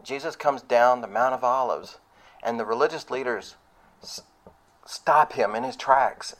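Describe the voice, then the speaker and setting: A man's voice: medium pitch, moderate pace, fairly bright tone. A man preaching a sermon in a conversational, emphatic way, full of rhetorical questions and mocking asides.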